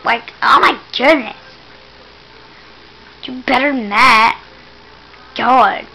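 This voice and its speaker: A woman giving casual gameplay commentary, excitable and teasing, exclaiming again and again and mock-scolding the player. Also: a little high, slow, creaky, low-quality recording.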